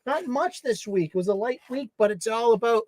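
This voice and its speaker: A man's voice: extremely high pitch, lively intonation, brisk, a little mellow, dry recording. A man hosting his own casual solo livestream from a home studio, playful and jokey, chatting to the stuffed animals around him. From United States. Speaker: livestream host.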